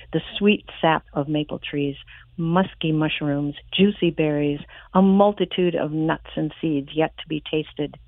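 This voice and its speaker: An eager little male squirrel who longs for adventure speaks slowly and wistfully, in a low voice, as a woman reads him aloud from a children's storybook. It comes over a tinny phone line. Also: no room sound. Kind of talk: reading aloud from a children's book.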